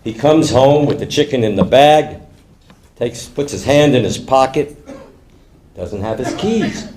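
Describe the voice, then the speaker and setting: An older man telling jokes to a live audience in an animated storytelling manner. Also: medium pitch, a little slow, slight background noise. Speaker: stand-up comedian.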